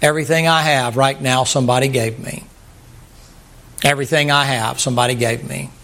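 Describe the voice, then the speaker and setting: A man's voice: medium pitch, fairly even intonation, a little fast, gravelly, a bit bright. An older man, a pastor giving a folksy, humorous sermon. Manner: folksy, humorous, plainspoken preaching.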